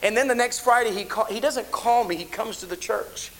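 Man, middle-aged, pastor, storytelling sermon, rambling, fairly high voice. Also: brisk, fairly bright tone, slight background noise, poor audio. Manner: rambling anecdotal delivery with frequent restarts.

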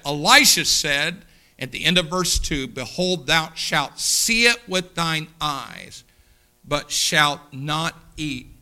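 A man preaching a sermon to his congregation, building to shouted peaks and slowing for emphatic repeated lines. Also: fairly high pitch. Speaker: pastor.

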